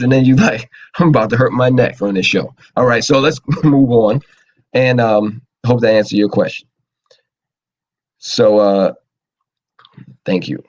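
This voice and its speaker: A man hosting a casual advice talk show, animated and acting out quoted voices as he talks. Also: mid-range voice, a little slow, long pauses, dull audio. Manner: animated, acts out quoted voices, laughs often.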